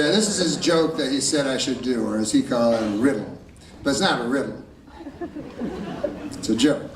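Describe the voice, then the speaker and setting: A man doing a stand-up set with a deadpan, meandering delivery full of dark asides. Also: medium pitch, very noisy. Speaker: stand-up comedian. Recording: roomy live club recording from far off. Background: loud audience laughter.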